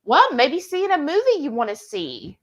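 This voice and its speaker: A woman co-hosting a live cooking stream, greeting viewers by name and reading their comments aloud in an animated way. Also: high voice, normal speed, a loud crowd.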